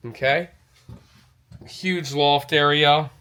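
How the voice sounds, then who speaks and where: Excitable male RV reviewer, unhurried. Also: a little high, smooth. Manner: enthusiastic, exclaiming. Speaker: RV reviewer touring a show. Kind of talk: walkthrough vlog. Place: indoor RV show hall.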